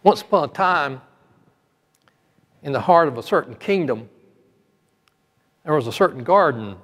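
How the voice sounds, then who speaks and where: Slow, measured preacher in a reverberant hall. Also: male voice, a little high, expressive. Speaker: pastor. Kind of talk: sermon storytelling.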